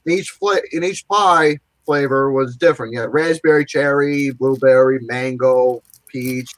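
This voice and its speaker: A man's voice: medium pitch, unhurried, dry recording, rough recording. A young man hosting a podcast, telling crude, rambling stories in casual chat. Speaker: podcast host.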